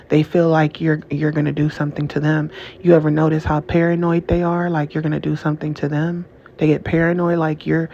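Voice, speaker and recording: A channel host talks to her viewers in a heated, emotional monologue, cursing, repeating herself and breaking off mid-sentence to start over. Despite the anger, her low voice stays level and flat. The lo-fi recording sounds dull, with a faint hiss underneath.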